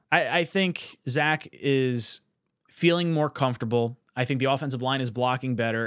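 A man's voice: mid-range voice, a bit bright. A man hosting a casual sports talk show, reading out live chat comments and passing questions to his co-hosts in an easygoing way. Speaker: podcast host.

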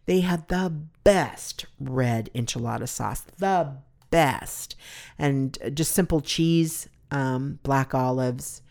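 A woman's voice: very deep voice, slow, darkish tone. A middle-aged woman from California hosting a solo podcast, rambling and gushing with emotion about a favorite food. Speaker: podcast host. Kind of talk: casual solo podcast chat.

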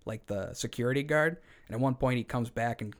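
A man's voice: mid-range voice, fairly quick. A man co-hosting a podcast, retelling a story in a casual, irreverent way with wry asides. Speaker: podcast co-host.

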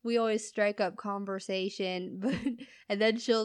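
A woman's voice: mid-range voice, fairly even intonation, moderate pace, clean tone, dry recording, studio quality. A young woman chatting casually, telling funny work stories and laughing often. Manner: laughs often, storytelling with quoted voices. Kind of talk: casual chat.

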